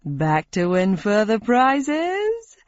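A woman's voice: mid-range voice, wildly swooping pitch, drawn-out words, no room sound, muffled recording, heavily acted. A woman voicing a beaming, showy male game show host with a sing-song manner, in an audiobook. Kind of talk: audiobook character voice.

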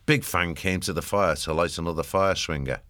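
Deep-voiced man narrating a story. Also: moderate pace, fairly bright tone, dry recording. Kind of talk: scripted narration.

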